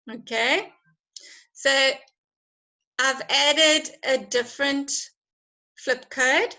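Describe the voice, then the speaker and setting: Bright, high-voiced encouraging woman teacher. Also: low-quality recording. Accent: South African. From South Africa. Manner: encouraging, chatty, laughs often. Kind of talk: online class lesson.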